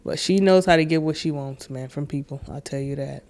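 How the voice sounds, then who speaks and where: A woman's voice: deep voice, fairly quick, darkish tone. A young woman in casual chat as the oldest sister, jet-lagged, laid-back and slangy, swearing freely as she tells family stories.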